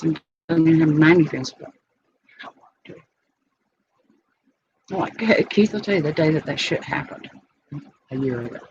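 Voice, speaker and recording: A middle-aged woman telling a long personal story in a rambling, digressive way, full of restarts and fillers. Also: deep voice. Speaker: vlogger. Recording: dull lo-fi sound with clear background noise.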